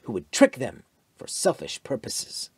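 A man's voice: mid-range voice, huge pitch swings, a little slow, breathy edge, dry recording, heavily acted. A man reading the part of a fanatical young Nazi officer in an audiobook, in a fervent, pressing voice.

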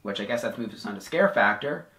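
A man casually reviewing a haunted attraction, excited and rambling with lots of "like". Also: fairly low pitch, quick pace, roomy sound.

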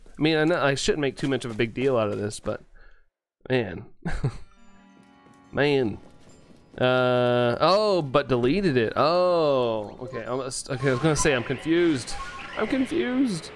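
Laughing a lot and eager to thank people, a male gamer reads out messages from his live chat. The pitch is medium and the recording has no echo.

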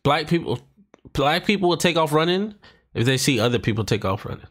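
A man's voice: on the high side, animated, fairly quick. A man hosting a reaction video, casually commenting on a stand-up clip and repeating the lines he liked. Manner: chatty, repeats punchlines he likes.

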